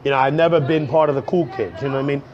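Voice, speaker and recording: A man's voice: medium pitch, rapid-fire, darkish tone, lo-fi sound. A man in his thirties getting over a cold, chatting loosely and jokingly to viewers on a livestream, calling everyone "bro" and slipping into rap. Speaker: livestream host and rapper. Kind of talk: casual livestream chat to viewers.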